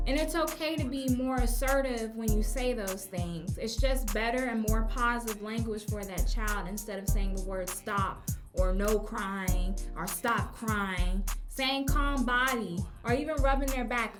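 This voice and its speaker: A young woman hosts a casual advice podcast and talks it through in a chatty way. She draws on her work as a teacher and acts out phrases emphatically. Her voice sits fairly high, and faint music plays behind her. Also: normal speed.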